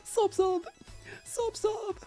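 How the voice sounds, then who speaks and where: Bawling crybaby fans, put on by a man, whimper and wail in a squeaky, very high voice. The sobs come close and intimate through a binaural mic, with faint music behind. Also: level tone, very slow, warm tone, exaggerated voice. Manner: high sobbing wails. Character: whimpering crybaby fans who beg to be punched. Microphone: binaural microphone.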